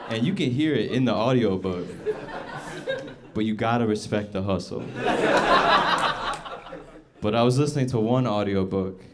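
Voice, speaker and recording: A man doing a stand-up comedy set on a club stage with a slow, laid-back delivery. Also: lowish voice, very noisy. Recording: loud crowd laughter behind.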